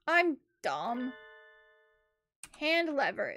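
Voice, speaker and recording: A woman's voice: high voice, unhurried, long pauses, fairly bright tone. A young adult woman streaming a game, chatting bubbly with her viewers as she plays. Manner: chatty, bubbly, talks to chat while playing. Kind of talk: casual game commentary. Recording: faint game music behind.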